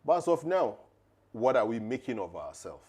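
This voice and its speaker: A man's voice: mid-range voice, very animated, normal speed, a little mellow, husky. A man co-hosting a podcast, talking emphatically and laughing often. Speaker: podcast co-host. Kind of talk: conversational podcast talk.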